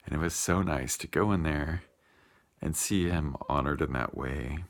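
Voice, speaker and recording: A man telling a heartfelt personal story in a vlog, unhurried, with many pauses and fillers. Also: a bass voice. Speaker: vlogger.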